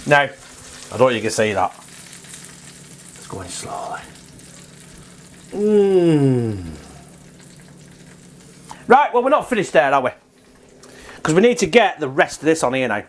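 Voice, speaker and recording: A home cook talking through his recipe in a loose, rambling way, with plenty of swearing. His voice sits a touch high for a man and swings up and down a lot. He sounds relaxed and unscripted. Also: fast, pauses often, a little hiss or hum. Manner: chatty, rambling, swears freely. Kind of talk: casual cooking vlog.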